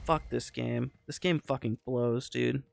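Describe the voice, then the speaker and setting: A man's voice: medium pitch, fairly even intonation, measured pace, gravelly, faint music behind. A young man playing a video game and ranting angrily, swearing often about losing a fight. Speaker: gamer streamer. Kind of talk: casual gameplay rant.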